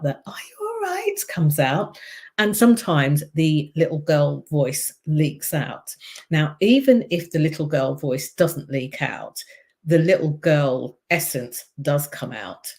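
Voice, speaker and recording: Low-voiced woman coaching on a live stream. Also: expressive, a little slow, darkish tone. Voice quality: low, deep voice. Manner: chatty and explanatory, demonstrates voice tones. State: slight frog in the throat. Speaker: visibility and speaking coach. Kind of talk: casual live-stream talk to camera.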